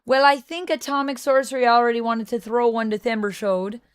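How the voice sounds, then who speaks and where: A woman's voice: a little high, fairly even intonation, a little fast, clean tone, no echo, clean studio sound. A woman streamer chatting casually on a livestream, putting on a Jamaican accent that keeps slipping into Irish, playful and reading out viewer messages. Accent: put-on Jamaican accent slipping into Irish.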